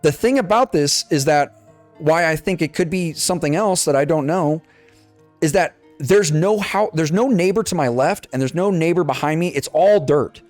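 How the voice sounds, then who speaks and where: A man's voice: fairly high pitch, normal speed, faint music behind. A young man casually telling a childhood story on a podcast, swearing freely and acting out the dialogue. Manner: swears freely, animated retelling with quoted dialogue. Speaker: podcast co-host.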